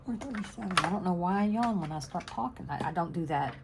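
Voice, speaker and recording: A woman's voice: lowish voice, lively intonation, fast talker, vocal fry, noisy background. A middle-aged woman, chatting casually and rambling to her channel's viewers. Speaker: crafting channel host.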